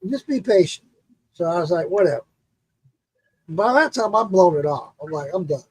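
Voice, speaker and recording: A man's voice: high voice, animated, moderate pace, breathy edge, dry recording, poor audio. A man telling a long, profane story in casual chat and acting out the quotes.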